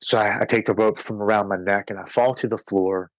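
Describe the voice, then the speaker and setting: A man telling his personal recovery story as a podcast guest, earnest and slowing down on heavy moments. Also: fairly low pitch, steady tone, no room sound, low-quality recording.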